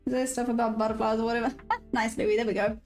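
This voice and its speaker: South African woman, fairly high voice, casual live-stream chatter, soft music behind. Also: little pitch movement, fast talker. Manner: chatty, reads chat aloud and answers viewers. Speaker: livestream day trader.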